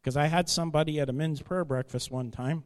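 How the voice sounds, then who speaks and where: A man preaching a sermon as pastor, swinging between loud declarations and quiet asides. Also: on the high side, steady tone, fairly quick, big-room sound.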